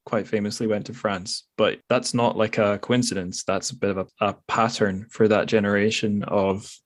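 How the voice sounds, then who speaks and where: A male podcast host with a fairly low voice, talking casually. He breaks into the conversation with brief asides. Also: fairly even intonation, moderate pace.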